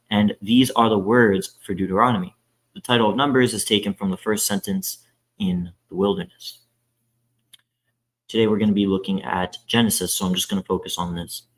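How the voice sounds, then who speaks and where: A man's voice: lowish voice, poor audio. A man reading a Bible introduction and scripture aloud, carefully, with frequent hesitant fillers and self-corrections. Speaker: scripture reader.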